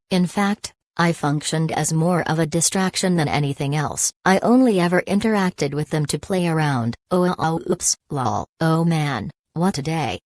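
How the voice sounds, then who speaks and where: Woman narrator, deep voice, dry close sound, wry casual delivery of a fantasy audiobook. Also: dry recording. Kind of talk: reading a fantasy novel aloud.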